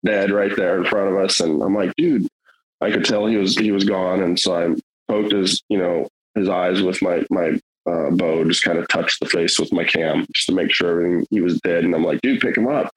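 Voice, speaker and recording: A man's voice: sits low, flat delivery, a little fast, few pauses, rough recording. A middle-aged man telling a hunting story in casual, rambling, earnest talk, with many fillers and restarts.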